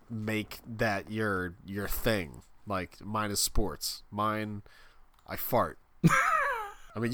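A man's voice: lowish voice, fairly bright tone, a little hiss or hum. A man co-hosting a casual comedy podcast, riffing playfully and jumping into silly bits. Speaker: podcast co-host.

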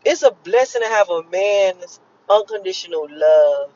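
A woman talks to her viewers from behind the wheel, rambling and emotional, swearing freely and circling back on herself with lots of fillers. Her voice sits in an ordinary middle pitch. The recording is dull and lo-fi, as if captured inside a car. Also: lively intonation, unhurried, mellow. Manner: emotional, profane, repetitive storytelling with many fillers. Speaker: vlogger talking to viewers. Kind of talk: casual rambling monologue. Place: in a car while driving home.

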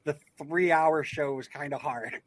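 A man's voice: on the high side, unhurried, dry recording. A man hosting a podcast, asking short easygoing questions in casual chat. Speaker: podcast host.

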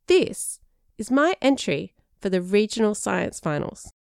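A woman's voice: medium pitch, sing-song, a little slow, vocal fry, darkish tone, clear, resonant tone, no echo, pitched above the performer's own voice. A woman voicing an earnest, science-keen teenage boy with dry humour.

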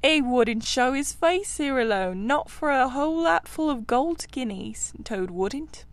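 A woman voicing a brave, good-natured male water rat, speaking in a brisk, soothing and hearty way in a storybook reading. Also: high-pitched, lively intonation, no room sound, voice pushed up.

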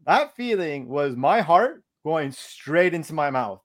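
A young man casually telling a story on a podcast, animated and profane, acting out what he said. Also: on the high side, a little slow.

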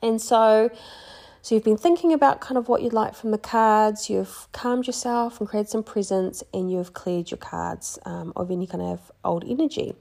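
A young woman talks through card reading in a gentle, chatty teaching manner, pausing on plenty of ums and restarts. Her voice carries a gravelly fry at the ends of phrases, set at an ordinary middle pitch for a woman. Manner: gentle, chatty, many fillers and restarts, light laughs. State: pregnant, yawning. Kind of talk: casual instructional talk.

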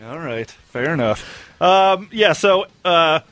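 A man's voice: on the high side, lively intonation, slow pace, fairly bright tone, no echo. A man hosting a radio show in casual chat, full of wry, teasing banter. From American South.

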